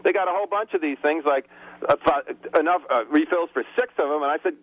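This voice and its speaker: A man's voice: on the high side, fairly quick, no room sound. A man calling in to a radio show by phone, ranting indignantly about drug prices. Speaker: caller. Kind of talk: phone-in chat. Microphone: telephone. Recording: muffled phone line.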